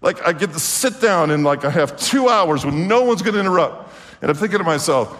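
A male preacher giving a sermon, animated and fervent, swinging from hushed storytelling to exclamations. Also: a little high, a little fast. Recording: long hall reverb.

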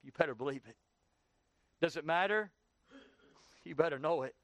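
Male pastor, high voice, fervent sermon delivery, dry close recording. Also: moderate pace, a bit bright, no room sound. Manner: preaching with rising, heated questioning. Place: church.

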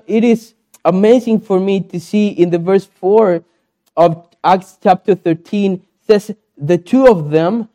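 A man's voice: sits high, warm tone. A man from South America, a pastor preaching a sermon in earnest, repeated phrases, with a young daughter.

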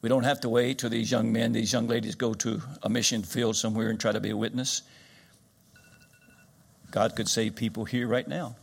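A man preaching a sermon, swinging from loud high-pitched exclamations to hushed, earnest low tones. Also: flat delivery, normal speed, vocal fry, breathy edge.

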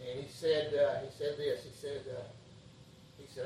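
A man's voice: mid-range voice, flat delivery, normal speed, darkish tone, a little hiss or hum. A man, preaching a folksy revival sermon as a pastor, full of amens and fillers. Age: 60s. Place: church revival service. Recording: echoey church from a distance.

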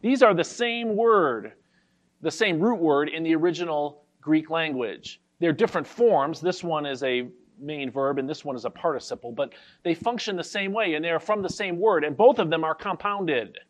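A man pastor giving an expository sermon, carefully explaining a Bible verse and reading the scripture slowly. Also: fairly high pitch.

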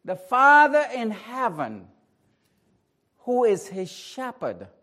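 A pastor preaching a sermon, moving between a hushed, slow prayer and emphatic, rising declarations. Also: male voice, extremely high pitch, huge pitch swings.

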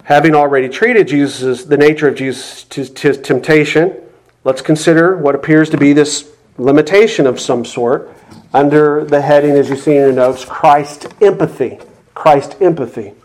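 A male pastor delivers an expository sermon to his congregation. He teaches earnestly and leans on emphatic repetition to drive each point home. His voice sits a little on the higher side for a man. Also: fairly even intonation, normal speed, a little mellow.

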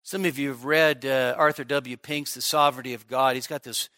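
A man's voice: medium pitch, fairly even intonation, a little fast, bright, forceful tone, dry recording, clean studio sound. A middle-aged man preaching an expository sermon at a midweek church service, emphatic, often repeating words as he builds a point. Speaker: pastor.

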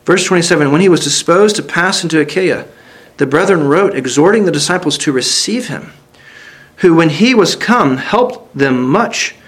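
Preaching with earnest conviction, a man reads from scripture and asks his congregation pointed questions. His fairly high voice is expressive and moves at a moderate pace, rising to forceful peaks before sinking to a hush.

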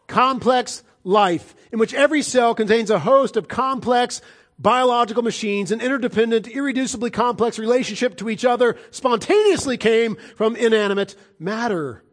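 A middle-aged man preaching a sermon, emphatic, swinging between loud declarations and hushed, low lines. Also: normal speed.

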